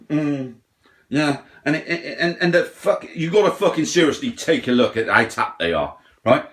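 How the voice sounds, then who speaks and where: A man's voice: a little high, expressive, normal speed. A middle-aged man rants bluntly, his slightly raised voice peppered with swearing and mocking impressions of other people. He talks in a loose, rambling way, with frequent asides to the listener. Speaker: ranting vlogger. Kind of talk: profane rant.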